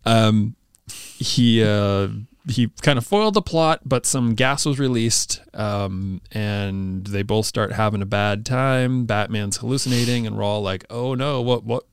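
A man co-hosting a podcast walks through an episode in loose chat, dropping wry, deadpan jokes. His voice is smooth and clear. He sits close to the mic, and the recording is dry with no room echo. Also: on the low side, unhurried. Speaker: podcast co-host. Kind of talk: casual chat, recapping an episode.

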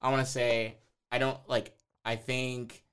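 A man on a podcast with a bright, smooth and crisp voice. He talks earnestly and uses a lot of fillers. He keeps asking whether his point makes sense. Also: mid-range voice, level tone, unhurried. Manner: filler-heavy, earnest, checks if understood. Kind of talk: casual discussion.

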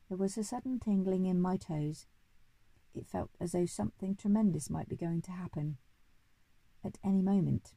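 A woman reading a children's story aloud in a measured, expressive way. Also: lowish voice, gravelly, no room sound, poor audio.

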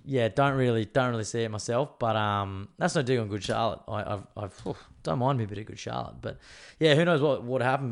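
A man hosting his own show, chatting in a rambling, candid and opinionated way, his voice strained and dry. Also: medium pitch. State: voice strained, worried about losing it. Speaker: podcast host. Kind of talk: casual solo show chat.

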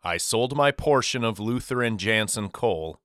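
A man voicing a loving, soft-spoken father talking to his two sons in an audiobook. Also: fairly low pitch, lively intonation, unhurried, dry recording, clean studio sound. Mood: tender. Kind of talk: audiobook character reading.

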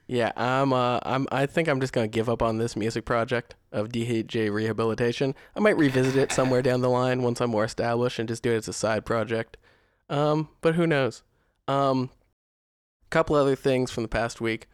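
A young man co-hosting a podcast in casual chat, relaxed and rambling, with many fillers and restarts. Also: medium pitch, a little fast, clear, resonant tone, no echo, clean studio sound. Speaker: podcast co-host.

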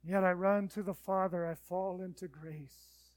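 A pastor delivers his sermon in a slightly high voice, rising to loud urgent appeals and then dropping to soft, hushed pleading. The sound is dry and close, with no room echo. He ends by leading the congregation in prayer. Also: fairly even intonation, measured pace.

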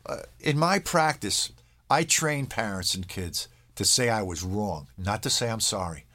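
A man's voice: on the low side, animated, measured pace, bright, forceful tone. A man speaking as a parenting expert in an interview, conversational, checking in with his listener and briefly acting out lines of kids and parents. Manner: checks in with "all right?". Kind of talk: explaining in an interview.

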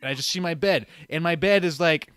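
A man's voice: fairly high pitch, a little fast, fairly bright tone, no echo, studio quality. A young man casually telling a long story, rambling with fillers and restarts and acting out what people said. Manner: rambling, many fillers and restarts, acts out quotes. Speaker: storyteller guest.

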